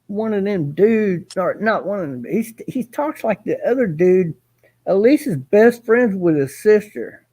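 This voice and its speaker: A man's voice: high voice, expressive, measured pace, mellow, dry recording. A man hosting a casual chat, rambling and swearing, with many fillers and restarts. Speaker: host.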